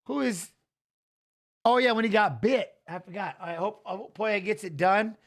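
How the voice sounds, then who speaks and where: A man with a fairly high voice hosts a live watch-along in a relaxed, chatty way. He talks straight to his viewers and greets them by name, with plenty of loose filler between his remarks. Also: moderate pace. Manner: chatty, greets viewers by name, peppers talk with "you know what I'm saying". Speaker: livestream host. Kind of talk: casual live-stream chat.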